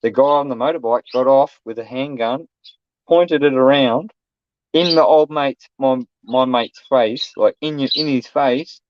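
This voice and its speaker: A man's voice: medium pitch, a little slow, no room sound. A middle-aged Australian man telling a story in casual chat, blunt and swearing, acting out what people said. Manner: blunt, swearing, acts out quotes loudly. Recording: dull, dry lo-fi sound.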